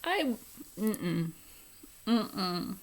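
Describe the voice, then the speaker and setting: A woman's voice: medium pitch, very animated, very slow. A young woman with a Philadelphia accent ranting to camera, profane, indignant and emphatic. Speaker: vlogger. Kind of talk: angry rant to camera.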